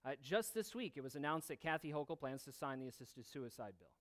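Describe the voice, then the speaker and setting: A man's voice: medium pitch, expressive, a little fast. A man preaching a sermon, earnestly reading scripture aloud and drawing on everyday examples. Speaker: pastor.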